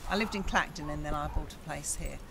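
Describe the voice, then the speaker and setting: A man's voice: on the high side, quick pace, gravelly, noisy background. Older English local man. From England. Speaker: local resident. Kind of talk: street interview.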